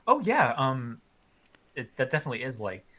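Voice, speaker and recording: A man's voice: medium pitch, very animated, normal speed, sharp tone. A man co-hosting a podcast, speaking in a reflective, casual way with fillers. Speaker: podcast co-host. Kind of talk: casual review chat.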